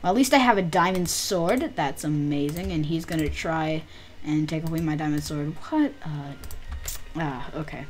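A woman hosting a gaming channel, giving casual, excitable game commentary packed with fillers. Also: deep voice, moderate pace. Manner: chatty, excitable, lots of "like" fillers.

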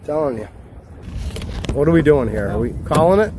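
A man's voice: on the high side, expressive, normal speed, noisy background. A man hosting a fishing vlog, casually coaching his buddy from a canoe on a river and peppering his talk with "dude" and "man.". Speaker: fishing channel host. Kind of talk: casual chat while fishing.

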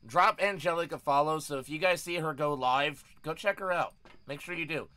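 Male streamer host, bright tense voice, a bit high, teasing and crude, casual live-stream chat. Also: normal speed. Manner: gives chat shout-outs.

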